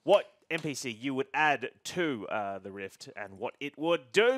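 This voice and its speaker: A man's voice: mid-range voice, big pitch swings, unhurried, hardly any pauses, fairly bright tone, soft background music. A man hosting an esports desk, joking and reading viewer tweets. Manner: jokey, laughs easily, reads tweets. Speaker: desk host. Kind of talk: casual esports desk chat.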